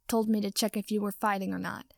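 A woman voicing a good-natured, teasing young male wizard, with a slightly gravelly voice. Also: medium pitch, little pitch movement, fast, a little mellow, no echo, studio quality. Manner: teasing, amused.

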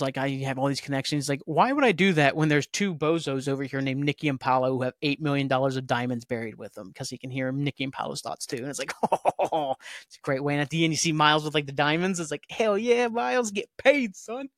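A man's voice: medium pitch, steady tone, fast talker, no echo. Rambling man recapping an episode, dry sound. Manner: rambling, filler-heavy, swears casually. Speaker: podcast host.

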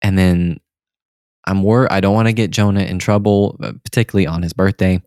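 A young man co-hosting a podcast in casual chat, telling a story with lively acted-out quotes. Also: deep voice, brisk, smooth, no echo, clean studio sound. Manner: animated storyteller who acts out the people in his stories. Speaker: podcast co-host.

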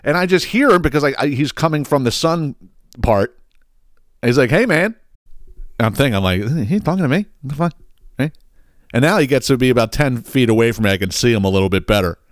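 A man hosting a podcast, telling a long, profane, animated rant full of restarts. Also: medium pitch, brisk, dry recording, clean studio sound. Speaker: podcast host. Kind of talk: ranting storytelling.

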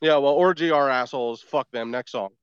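A man's voice: medium pitch, a little fast, clear, resonant tone, no echo, lo-fi sound. A man co-hosting a casual music podcast, blunt and scornful, swearing heavily as he trashes a band. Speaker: podcast co-host. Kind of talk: casual music-review banter.

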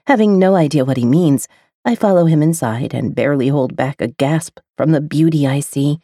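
Female audiobook narrator, low and mellow, intimate expressive read. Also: moderate pace, no echo, clean studio sound. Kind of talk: first-person romance narration.

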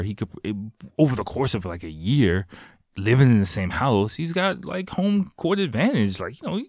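Deep-voiced man telling a rambling story. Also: a little mellow, no room sound, studio quality. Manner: rambling and profane, full of "like" and "you know". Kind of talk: casual storytelling.

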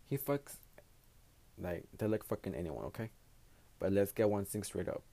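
A man's voice: lowish voice, sing-song, moderate pace, vocal fry, warm tone. A man hosting his own podcast in a casual solo monologue, a native Spanish speaker talking in English, giving blunt, profane, rambling advice. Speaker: podcast host.

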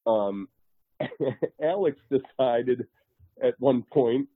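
A man's voice: lowish voice, animated, normal speed, no room sound. A man co-hosting a podcast in casual chat, rambling through his stories. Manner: rambling, many fillers and restarts. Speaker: podcast co-host. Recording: tinny phone-like line, dry.

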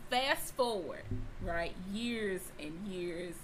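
A woman telling a story in a casual chat, acting out each voice as she goes. Her pitch swings freely. A faint hiss sits under her voice. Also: very slow, low-quality recording. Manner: animated, acts out both sides of dialogue.

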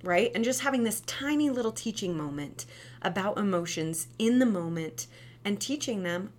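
A woman who used to teach preschool, giving casual parenting advice in a lively, conversational way and often asking "right?". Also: normal speed. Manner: animated, acts out quoted kids and parents with big pitch jumps.

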